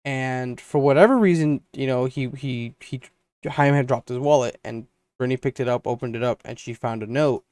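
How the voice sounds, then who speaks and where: A young man on a podcast spins a long, rambling story and slips into his friends' voices for their lines. His pitch sits at a medium height. The recording is dry and close, with no room sound. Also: normal speed, darkish tone, clear, resonant tone, dry recording. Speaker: podcast co-host. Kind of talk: casual storytelling chat.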